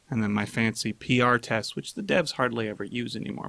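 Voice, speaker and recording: A man's voice: lowish voice, lively intonation, moderate pace, gravelly, fairly bright tone, no room sound. Chatty male gaming host, dry sound. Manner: chatty, joking, reads patch notes aloud. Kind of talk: casual gaming news commentary.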